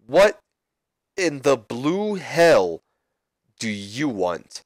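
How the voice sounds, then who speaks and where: A man's voice: medium pitch, sing-song, very slow, no room sound, pitched above the performer's own voice, heavily acted. A man voicing a cocky, boastful male wrestler who talks down to others and speaks of himself in the third person. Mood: contemptuous.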